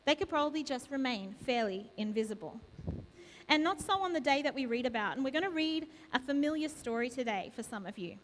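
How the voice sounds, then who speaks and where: A woman's voice: high voice, animated, fairly quick. A woman preaching a sermon in a church, asking the congregation a string of repeated questions. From Australia. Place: church sanctuary. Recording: long reverb of a church hall.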